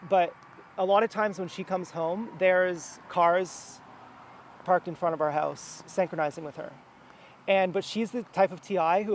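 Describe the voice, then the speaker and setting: A man's voice: on the high side, slight background noise. A man talking to camera in a rambling personal monologue, meandering, with many fillers and restarts. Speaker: vlogger. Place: outdoors near a house.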